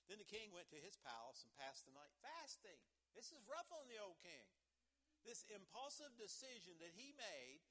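A man preaching a folksy sermon, chuckling between verses and talking in animated asides. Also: high voice, rough recording.

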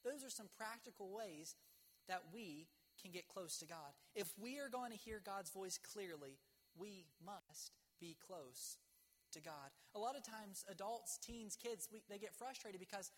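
A middle-aged man preaching a folksy, earnest sermon in numbered points, full of rhetorical questions, and dropping low and slow on key words. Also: lively intonation. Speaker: pastor.

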